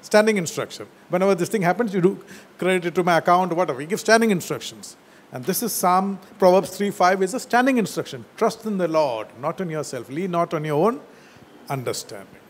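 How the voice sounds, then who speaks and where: A pastor preaches in a high-pitched voice, leaning hard on key words. He slows down to quote scripture and lets his phrases fall low and soft at the end. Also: expressive. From India. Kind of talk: sermon.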